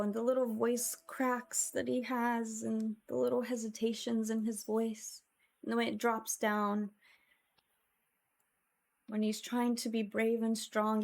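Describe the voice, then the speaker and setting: A woman's voice: on the high side, little pitch movement, measured pace, creaky, darkish tone. A woman streamer chatting with her viewers in a casual, emotional and reflective way, often sighing.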